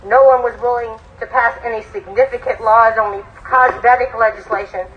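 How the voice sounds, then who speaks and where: Measured woman senator addressing a rally. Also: a little high, fairly even intonation, highs cut off. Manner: measured, deliberate, building emphasis. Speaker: state senator. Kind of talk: political rally speech. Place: outdoor protest rally.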